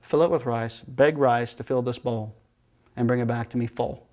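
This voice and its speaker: A man voicing a calm, compassionate male spiritual teacher who speaks in gentle, measured words. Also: medium pitch, lightly acted.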